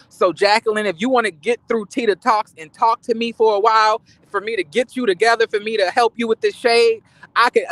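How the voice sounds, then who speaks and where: A man with a very high voice dishes sassy, profane gossip about reality TV. He rambles, restarts his sentences and throws shade, and the sound is close and dry. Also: a bit bright, no room sound. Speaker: reality TV commentator. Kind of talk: casual gossip commentary.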